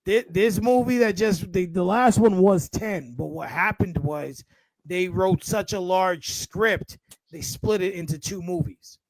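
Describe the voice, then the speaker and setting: High-voiced man in casual sports chat. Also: unhurried, no room sound, rough recording. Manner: rambling, repeats words. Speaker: podcast co-host.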